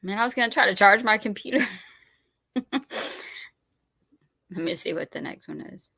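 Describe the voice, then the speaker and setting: A woman's voice: medium pitch, animated, moderate pace, gravelly, pushed and bright, husky, no echo. A woman hosting a live stream, reacting to videos with incredulous, chatty asides to her viewers.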